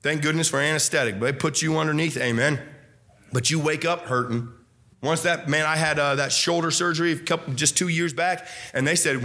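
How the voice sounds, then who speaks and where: A young man preaching a sermon as pastor, fervent and repetitive, swinging between shouts and quiet drops. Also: fairly high pitch. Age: young adult.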